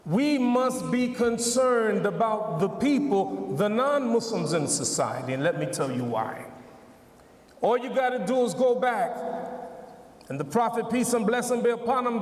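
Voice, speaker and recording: A man preaching a sermon at a convention, telling stories and pressing home emphatic, repeated rhetorical questions. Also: high-pitched. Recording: echoey hall, distant mic.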